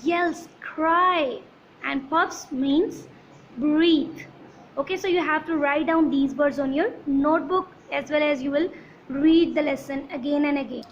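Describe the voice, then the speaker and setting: Woman, online class teacher, unhurried sing-song reading, puffing sound effects, high voice. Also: highs cut off, a little hiss or hum. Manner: addresses students as beta. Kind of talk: reading a children's poem aloud and explaining it.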